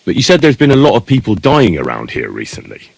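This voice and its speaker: A man's voice: lowish voice, wildly swooping pitch, quick pace, vocal fry, a little mellow, husky, no echo, exaggerated voice, poor audio. An actor playing an earnest young man in a video game who keeps asking questions. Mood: curious. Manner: inquisitive, earnest.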